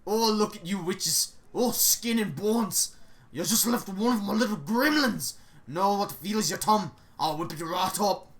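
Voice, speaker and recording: A woman's voice: medium pitch, animated, a little slow. A woman voicing a motherly cook who fusses over people in a doting way, heard a bit away from the mic.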